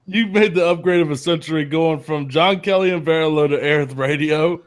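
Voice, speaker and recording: A man with a fairly high voice jokes around in a casual group chat. He swears for punchlines. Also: moderate pace.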